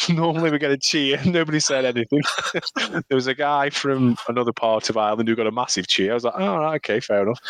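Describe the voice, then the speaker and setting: A man's voice: on the low side, dry recording. A man from England on a podcast, telling a rambling running story with lots of laughter and repeated words. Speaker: podcast co-host. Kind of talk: casual chat, storytelling.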